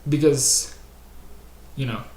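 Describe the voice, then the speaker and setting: A man's voice: medium pitch, slow pace, darkish tone. A man hosting a comedic conspiracy stream, brash, rambling and profane, talking into a desktop mic. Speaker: stream host. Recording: roomy with faint hiss.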